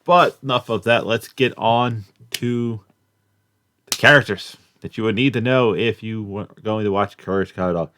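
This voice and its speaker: A young man giving a casual, rambling spoken review of a cartoon, halting often and filling gaps with "like" and "uh.". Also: lowish voice, sharp tone, slight background noise. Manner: rambling, halting, many fillers and restarts.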